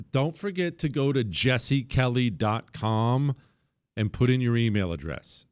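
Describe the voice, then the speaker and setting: A man's voice: medium pitch, animated, unhurried, darkish tone, soft background music. A man hosting a talk radio show, delivering an opinionated monologue in an emphatic, sarcastic, often mocking way.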